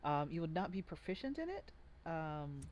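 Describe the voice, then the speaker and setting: This game master talks through rules with a pitch that bounces around a lot, full of jokes and little restarts. The mood is a casual tabletop session among friends. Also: very animated, moderate pace, darkish tone, highs cut off, slight background noise. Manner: chatty, joking, full of fillers and restarts.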